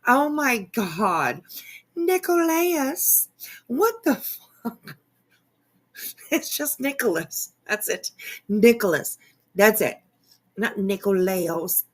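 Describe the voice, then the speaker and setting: A woman's voice: mid-range voice, big pitch swings, husky. A woman hosting a casual live stream, reacting to a clip with frequent laughter and free swearing as she chats with viewers. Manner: laughs often, swears freely, talks slowly. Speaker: streamer host.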